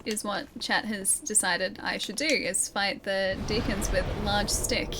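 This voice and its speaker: A woman's voice: fairly high pitch, fairly bright tone, a little hiss or hum, rough recording. A woman streaming a video game, chatting and giggling with her viewers as she plays. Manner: chatty, giggly, talks to chat while playing. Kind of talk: casual gameplay commentary. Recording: game music playing behind.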